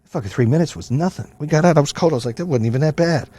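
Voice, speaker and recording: A man's voice: on the high side, racing, mellow, breathy edge. A middle-aged man hosting his own podcast, ranting with heavy swearing in a fired-up motivational style. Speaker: podcast host. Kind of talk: profane motivational rant.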